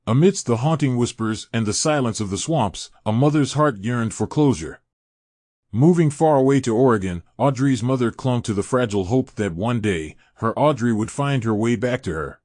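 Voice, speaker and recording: A man's voice: medium pitch, animated, a little mellow, dry recording, studio quality. Man narrating dramatic true crime. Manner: dramatic, measured storytelling delivery. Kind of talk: scripted narration.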